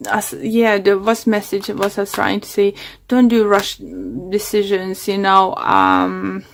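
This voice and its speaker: A woman's voice: medium pitch, slow, creaky. Woman tarot reader losing her voice. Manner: hesitant, many fillers and restarts. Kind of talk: casual tarot reading monologue.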